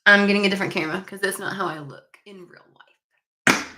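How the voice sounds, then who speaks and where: A woman's voice: medium pitch, fairly even intonation, brisk, background noise. A woman hosting a spiritual reading channel, chatting casually and rambling with lots of swearing. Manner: profane, irritated, rambling. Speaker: tarot reader channel host. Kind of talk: casual chat to camera. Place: home room with desk and window. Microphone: camera mic.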